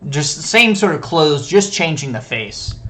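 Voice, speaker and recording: A man's voice: on the high side, big pitch swings, moderate pace, bright, forceful tone. A man playing in a tabletop game, describing his character's actions hesitantly and hedging with many "sort of" fillers. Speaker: player.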